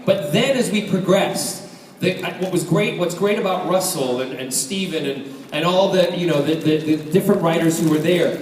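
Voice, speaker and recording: A middle-aged man from Scotland, an actor answering fan questions at a live convention panel, animated and joking, laughing often. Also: fairly high pitch, moderate pace. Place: large convention hall. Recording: echoey convention hall from a distance, loud crowd noise.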